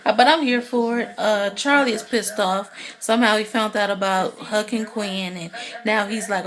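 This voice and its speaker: A woman giving a casual, excitable recap of a TV episode, chatty and full of "you know" fillers. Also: medium pitch, moderate pace. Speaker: TV recap vlogger.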